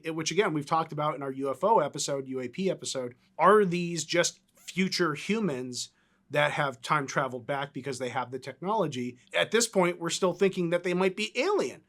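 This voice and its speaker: Rambling, animated podcast co-host man. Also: on the high side. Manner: animated, rambling, lots of 'like' and 'right?'. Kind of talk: casual podcast chat.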